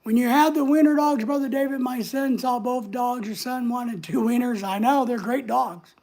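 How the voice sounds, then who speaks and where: A woman's voice: on the high side, moderate pace, darkish tone. A woman hosting a casual livestream, chatting away and answering viewer comments as they come in. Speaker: livestream host.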